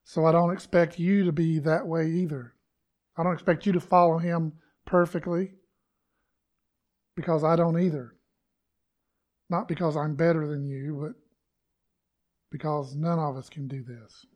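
A man's voice: on the high side, fairly even intonation, unhurried, long pauses, a little mellow. A man preaching a conversational sermon to his congregation, acting out quoted lines with emphasis. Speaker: pastor.

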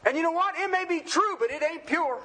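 A man's voice: very high voice, expressive, a little fast, sharp tone, a little hiss or hum. A man preaching a sermon in a folksy, joking way, often asking the congregation questions.

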